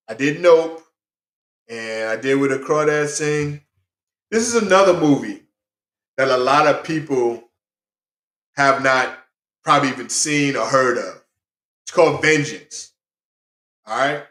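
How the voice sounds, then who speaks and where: A man giving a casual, rambling movie review, excitable and full of fillers and restarts. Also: mid-range voice, roomy sound.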